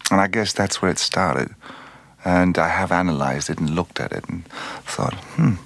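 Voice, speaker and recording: An Irish-born actor being interviewed, speaking thoughtfully and unhurriedly, often restarting and trailing off mid-phrase. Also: male voice, deep voice, moderate pace, vocal fry, a bit bright. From Ireland. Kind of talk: reflective interview conversation.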